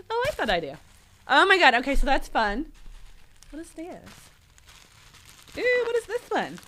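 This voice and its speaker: Giggly excited woman. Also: sits high, slow pace, pauses often. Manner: excited, giggly, laughs often. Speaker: livestream host. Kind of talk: casual unboxing livestream.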